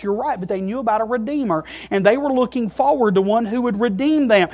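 A man preaching a sermon, emphatic, moving between quiet asides and loud stressed phrases and often checking in with the congregation. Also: high voice, moderate pace. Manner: emphatic, keeps checking in with "okay?".

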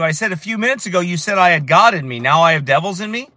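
A fiery man preaching in a high, bright voice that cuts through. He tells his story with strong emphasis and builds to shouts. His tone stays sharp and forceful. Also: fast. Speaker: street preacher. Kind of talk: preaching while telling a story.

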